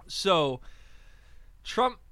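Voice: mid-range voice, big pitch swings, very slow, bright, forceful tone, no echo. A young adult podcast host talking in a casual comedic chat, swearing freely and laughing often.

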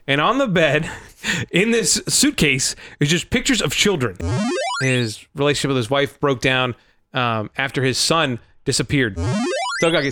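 A man casually retelling a film plot in a rambling, animated way, full of "like" and "you know.". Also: medium pitch, noisy background.

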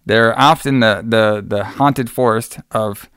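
A man's voice: lowish voice, takes it slowly, smooth, dry recording, clean studio sound. A man casually recapping a horror movie for a podcast, acting out the characters' lines and laughing often. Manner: animated storyteller acting out quotes, laughing often. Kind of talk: casual chat.

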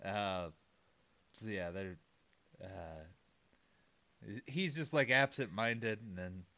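A man's voice: on the low side, expressive, slow pace, sharp tone. A man casually recapping a movie with a friend, meandering with fillers and mock-quoting characters. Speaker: podcast co-host.

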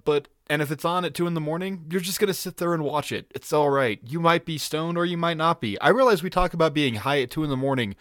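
A man's voice: on the high side, fast talker, few pauses, a bit bright, no echo, studio quality. A man co-hosting a podcast in casual chat, laughing often and swearing freely as he rambles. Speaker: podcast co-host.

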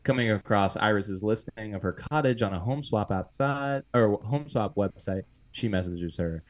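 A man's voice: lowish voice, moderate pace. A man hosting a casual podcast, recapping a film plot and laughing often. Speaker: podcast host. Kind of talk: casual movie recap chat.

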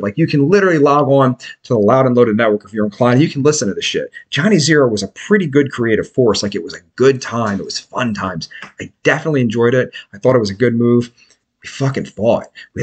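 A man's voice: medium pitch, slightly rough. A man hosting a podcast, telling rambling, profane stories full of restarts in casual chat. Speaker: podcast host.

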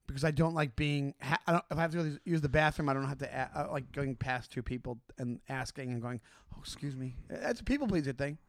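A man's voice: mid-range voice, fast talker, few pauses, no echo, clean studio sound. A young man with a Long Island accent, co-hosting a casual podcast chat and acting out mocking voices. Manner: animated, acts out mocking voices. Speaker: podcast co-host.

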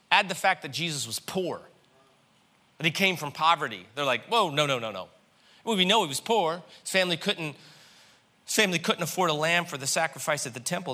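A man preaching a sermon, animated, swinging between loud passages and hushed ones. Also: fairly high pitch. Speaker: pastor.

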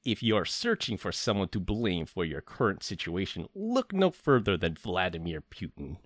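A man's voice: sits low, sing-song, moderate pace, dry recording, studio quality. A man voicing a menacing male Russian hacker in a thick put-on Russian accent, reading in an exaggerated, mock-solemn way.

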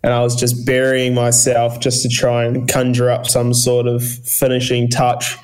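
Flat-voiced young New man. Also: medium pitch. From New Zealand. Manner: halting, full of fillers and restarts. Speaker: guest athlete. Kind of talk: casual interview chat. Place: in bed at home.

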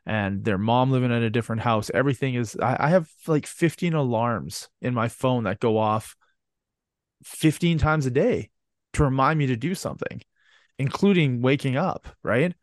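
A man's voice: medium pitch, measured pace, no echo, clean studio sound. Man telling rambling stories. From Canada. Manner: rambling, profane storytelling. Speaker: podcast co-host. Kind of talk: casual chat.

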